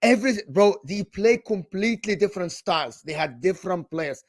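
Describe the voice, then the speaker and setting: A high-pitched man presses a fellow fan in a heated football debate. He pushes, repeats his question and won't let it go. His voice sounds dry and close to the mic. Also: lively intonation, fairly quick, dry recording.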